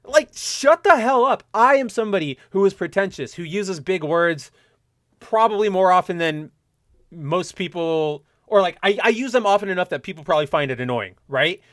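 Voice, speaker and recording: A young man hosting a casual solo podcast, delivering an animated, opinionated rant from his home setup. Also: high voice, normal speed, dry recording, studio quality. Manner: animated ranting, mocking quoted voices. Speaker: podcast host.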